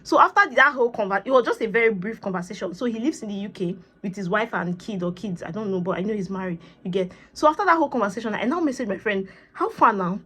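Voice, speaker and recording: A woman with a Nigerian accent vlogging, telling a personal story in a lively, chatty way and slipping into Pidgin phrases. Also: medium pitch, fast talker, hardly any pauses, husky. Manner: animated, acts out conversations, mixes in Pidgin phrases. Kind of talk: casual storytelling to camera.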